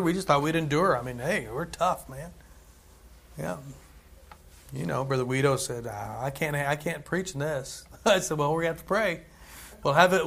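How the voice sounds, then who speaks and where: A man's voice: a little high, fairly bright tone. A male pastor preaching a sermon in a conversational way, repeating phrases and often adding "right?" and "amen".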